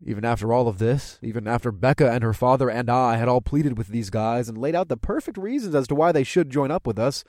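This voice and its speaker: A man narrating an audiobook in first person with expressive delivery. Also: mid-range voice, fast talker, hardly any pauses, no echo, studio quality.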